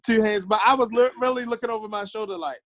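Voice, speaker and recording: A man's voice: high-pitched, steady tone, fast, fairly bright tone, a little hiss or hum. A man, a podcast guest telling loose stories in casual chat and acting out what people said. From Baltimore. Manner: loose storytelling, acts out quotes.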